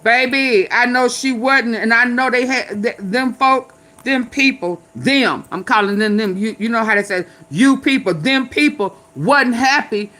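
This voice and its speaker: Bright-voiced, blunt older woman. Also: on the high side, unhurried. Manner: blunt, sassy and preachy, with repeated phrases. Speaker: commentary vlogger. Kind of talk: casual opinion commentary.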